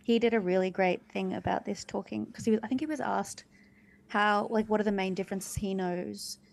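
A woman's voice: mid-range voice, fairly even intonation, fairly quick, gravelly. A young adult woman co-hosting a casual podcast chat, thoughtful and full of "um"s. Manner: thoughtful, many "um"s. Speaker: podcast co-host.

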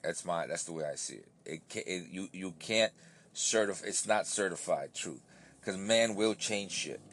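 A man's voice: low-pitched, a little hiss or hum. A man hosting his own podcast, talking loosely and rambling, with restarts and casual swearing, tired from an early start. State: tired, yawning. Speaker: podcast host.

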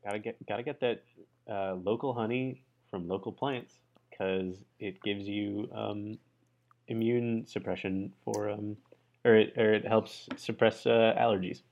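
A man's voice: on the low side, steady tone, measured pace, creaky, darkish tone, muffled recording. A man co-hosting a podcast, chatting casually with an easygoing manner and plenty of fillers. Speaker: podcast co-host. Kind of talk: casual chat.

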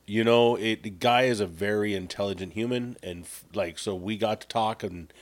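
A man's voice: fairly low pitch, normal speed. An easygoing man talks casually on a podcast in a mid-range voice. He often stumbles over repeated words and agrees readily.

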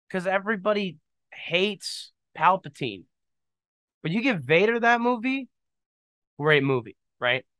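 Young guy doing a solo podcast, bright clear voice, chatty and joking, super dry sound. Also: sits high, no echo. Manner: rambling, joking, lots of fillers. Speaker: podcast host. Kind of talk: casual solo podcast monologue.

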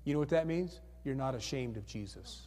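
Lively in intonation and a little fast, a male pastor with a mid-range, slightly mellow voice leads an altar call in a sanctuary. He coaxes people to come forward with repeated questions and asks for hands again and again, recorded with church hall reverb and slight background noise.

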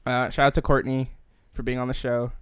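A man's voice: mid-range voice, flat delivery, fairly quick, smooth, no room sound. A man co-hosting a podcast in casual chat, jokey and rambling, laughing often. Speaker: podcast co-host.

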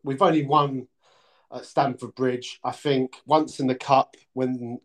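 Bloke, football pod host, blunt and sweary, mid pitch, dry close sound. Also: male voice, fairly even intonation, slow pace, dry recording. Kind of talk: casual football chat.

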